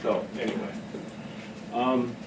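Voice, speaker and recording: A middle-aged man giving a casual talk on behavioral care, telling stories in an animated way and laughing often. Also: medium pitch, slow pace, background noise. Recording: echoey room from far off.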